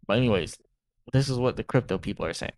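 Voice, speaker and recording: A man's voice: on the low side, expressive, fast talker, darkish tone, dry recording. A man hosting a crypto channel, talking through market moves in a rambling, casual way and often tossing in "right?".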